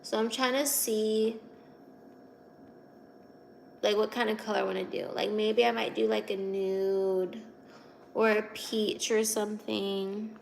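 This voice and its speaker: Slow-talking young woman with vocal fry. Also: mid-range voice, flat delivery, a little hiss or hum. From Virginia. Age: 20s. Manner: chatty, giggly, reads comments aloud. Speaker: livestream host reading chat. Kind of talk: casual livestream chat.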